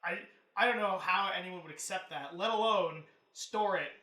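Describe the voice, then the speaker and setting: A man's voice: high-pitched, normal speed, roomy sound, far from the mic. A man guesting on a podcast, chatting casually and animatedly about films and picking at plot holes. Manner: nitpicking, animated, swears casually.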